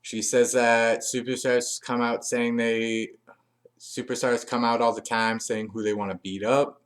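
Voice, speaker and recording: A man's voice: medium pitch, level tone, unhurried. A man giving a chatty, loose recap of a wrestling show as a reviewer, with frequent fillers and restarts. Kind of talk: casual recap commentary.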